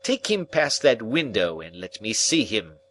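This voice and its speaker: A man voicing a stern, bullying older lawyer in an audiobook reading, barking harsh, forceful commands. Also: on the low side, big pitch swings, a little slow, slight background noise.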